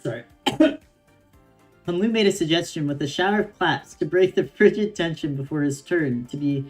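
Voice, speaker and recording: A woman's voice: low voice, moderate pace, faint music behind. A woman streamer reading a game story aloud on stream, reacting with playful giggles.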